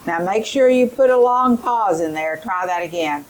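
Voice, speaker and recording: A woman's voice: lowish voice, lively intonation, normal speed, few pauses, a little hiss or hum, rough recording. A woman leading a teacher training session, giving directions and modeling phonics drills aloud.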